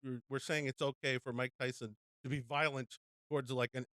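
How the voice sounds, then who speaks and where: A man's voice: mid-range voice, level tone, brisk, a bit bright, clear, resonant tone, dry recording. A man as a podcast guest in casual chat, laughing often, swearing and saying bro.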